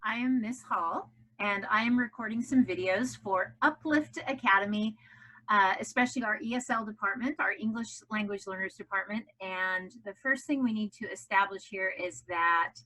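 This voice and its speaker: A woman's voice: mid-range voice, moderate pace, bright, forceful tone, low-quality recording. A woman teaching English language learners in a recorded lesson for children, encouraging and carefully drawing out her stressed vowels. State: out of breath after jumping jacks. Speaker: ESL teacher.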